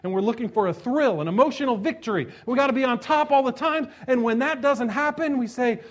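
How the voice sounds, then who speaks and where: A man preaching a sermon in a conversational way, moving between loud emphasis and soft, hushed passages, with chuckles and asides. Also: very high voice, fairly quick. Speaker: pastor.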